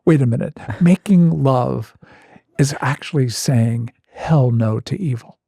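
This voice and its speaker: Gravelly, husky man telling a story. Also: mid-range voice, a little slow, warm tone, no echo, clean studio sound. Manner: vivid, self-mocking storyteller. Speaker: guest therapist. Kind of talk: animated personal storytelling.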